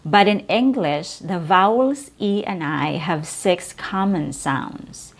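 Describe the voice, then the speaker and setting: A woman's voice: on the low side, animated, slow pace. A woman teaching English pronunciation, repeating each word and contrasting correct and wrong sounds. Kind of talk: slow, deliberate pronunciation lesson.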